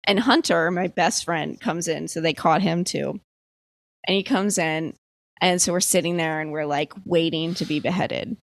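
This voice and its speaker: Sitting low with vocal fry at a moderate pace, this young East Coast woman recounts a dream as a guest on a podcast. Her casual talk rambles, is packed with "like" and other fillers, and includes free swearing, captured as clean studio sound with no echo.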